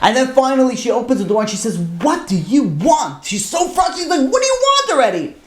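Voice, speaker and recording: A man voicing a weary, irritated middle-aged woman who wants to be left alone, his voice pushed up high. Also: lively intonation, fast. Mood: exasperated. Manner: raised, exasperated voice in quoted lines. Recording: roomy echo.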